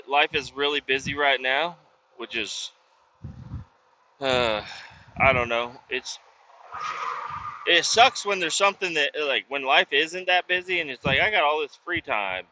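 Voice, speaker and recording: A roadside service worker tells a work story in a profane, rambling casual vlog, restarting often. His mid-range voice is bright and forceful, with lo-fi sound and slight background noise.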